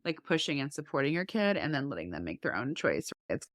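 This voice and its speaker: A woman co-hosting a podcast, telling family stories with lively quoted dialogue. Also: a bass voice, brisk, dry recording, studio quality. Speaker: podcast co-host. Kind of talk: casual chat.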